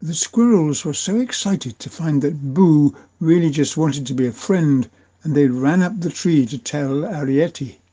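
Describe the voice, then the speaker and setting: An older grandfather reads a children's story aloud, very slow and deliberate. His voice is husky and very dark and mellow, and he sounds gentle and unhurried. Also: on the high side. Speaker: grandfather reading a family story.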